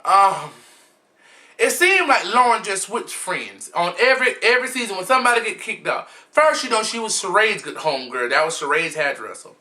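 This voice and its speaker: A man's voice: sits high, big pitch swings, normal speed, bright, forceful tone. A man giving a sassy, flamboyant, blunt gossip commentary as a vlogger, recording himself at home. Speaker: vlogger recapping a reality show. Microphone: camera mic, self-recorded.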